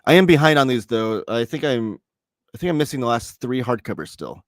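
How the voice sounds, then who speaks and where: A man in his thirties hosting a live stream from home, chatting casually and reading out viewer comments in a relaxed, rambling way. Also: mid-range voice, fairly quick, no room sound, clean studio sound. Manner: relaxed, rambling, reads chat messages aloud. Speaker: host. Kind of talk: casual livestream chat.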